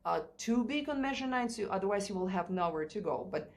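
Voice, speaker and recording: A woman's voice: mid-range voice, lively intonation, fairly quick. A woman teaching a play-along piano lesson in a chatty way, thinking aloud and singing rhythms. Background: piano playing.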